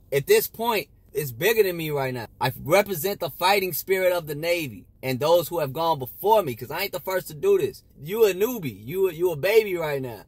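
A man's voice: on the high side, no room sound. A young man in a car giving casual study advice in slangy, laid-back street talk. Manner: repeats lines in a chanting loop. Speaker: vlogger giving Navy study tips. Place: in a parked car.

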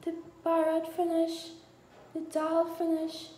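A woman's voice: extremely high pitch, monotone, takes it slowly, a little mellow, voice pushed up. A woman voicing a frightened teenage wife who pleads timidly. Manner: trembling, pleading. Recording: echoey room with faint ambience.

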